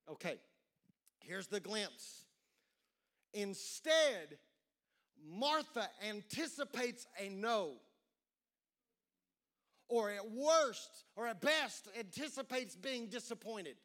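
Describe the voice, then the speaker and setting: A bright, high-voiced preaching man. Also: lively intonation. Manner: dramatic, repeats words, draws out phrases slowly. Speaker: pastor. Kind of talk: sermon.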